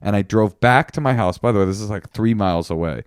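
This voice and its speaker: A man co-hosting a podcast, chatting casually and telling stories with animated quoted voices. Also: fast, clear, resonant tone, no echo, clean studio sound. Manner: animated storyteller, jumps into high quoted voices. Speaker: podcast co-host. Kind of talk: casual chat.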